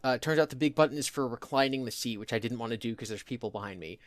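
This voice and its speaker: A man's voice: mid-range voice, very fast. A young man from New Jersey with a New Jersey accent, co-hosting a podcast in rambling casual chat and laughing often. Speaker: podcast co-host.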